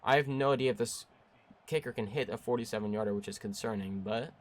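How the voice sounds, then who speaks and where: A young man giving play-by-play commentary over his own video game, jumping between excited bursts and frustrated, flat stretches. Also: mid-range voice, fast talker. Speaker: gaming YouTuber.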